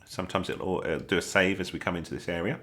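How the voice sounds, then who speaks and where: An English man with a low voice, fairly even intonation and a quick pace hosts a gaming channel, his tone fairly bright. He talks viewers through a video game in a chatty, jokey gameplay tutorial.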